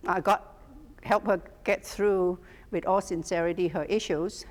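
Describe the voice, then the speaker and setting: A middle-aged woman teaching a class as a hypnotherapy instructor, telling lively stories and laughing often. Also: mid-range voice, a little slow. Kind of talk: storytelling lecture to a class. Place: teaching room with an audience. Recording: long hall reverb.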